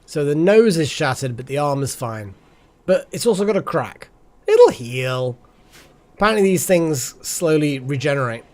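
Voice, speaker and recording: Tired, rambling man, lively pitch. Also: normal speed. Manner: rambling, chatty, repeats words. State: tired, yawning. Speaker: streamer. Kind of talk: casual gameplay commentary.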